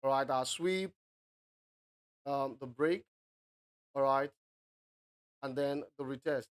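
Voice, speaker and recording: A man's voice: medium pitch, takes it slowly. Playful man giving live market analysis. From Africa. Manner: playful and teasing, peppers speech with "all right".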